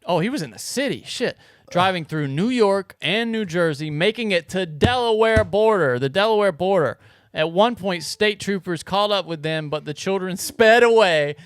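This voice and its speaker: A man's voice: sits high, animated, moderate pace, clean tone, no room sound, clean studio sound. A man co-hosting a podcast in loose casual chat, swearing freely and reading news stories aloud. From grew up on a farm. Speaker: podcast co-host.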